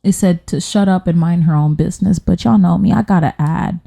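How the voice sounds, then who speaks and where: Woman podcaster reading stories, swears a lot, goes off on tangents, mellow voice right on the mic. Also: lowish voice, a little fast, creaky, soft background music. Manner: blunt, profane, goes on tangents. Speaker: podcast host. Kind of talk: casual chat reading online stories aloud. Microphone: studio microphone.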